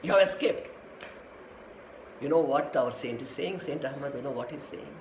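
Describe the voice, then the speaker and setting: A man's voice: medium pitch, fairly quick, echoey room, background noise. A spiritual teacher giving a sermon, repeating his phrases and addressing listeners as dear ones and beta.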